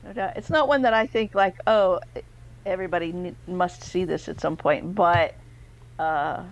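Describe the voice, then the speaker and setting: A woman co-hosting a casual movie podcast, enthusiastic and quick to laugh. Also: fairly low pitch, low-quality recording.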